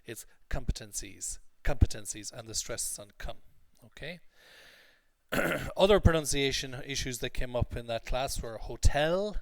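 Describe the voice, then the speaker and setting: A man's voice: medium pitch, moderate pace, gravelly, no echo. A man teaching English, explaining usage step by step and often checking in with "okay?". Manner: explanatory, repeats points, frequent "okay?" checks. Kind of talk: recorded lesson recap.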